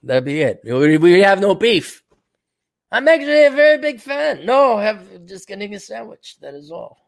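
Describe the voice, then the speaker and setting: A man's voice: high-pitched, very animated, gravelly, pitched above the performer's own voice, exaggerated voice. A man hamming up a pompous spy-movie villain. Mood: grandiose. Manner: slow, grandiose, made-up foreign accent. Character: campy male villain in a secret lair, pompous.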